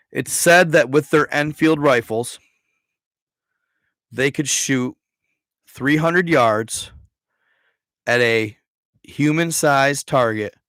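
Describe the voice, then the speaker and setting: Slow slangy dude rambling on a livestream, dry mic, keeps tripping on words. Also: male voice, medium pitch, a bit bright, dry recording. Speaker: livestream host. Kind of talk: casual livestream history talk.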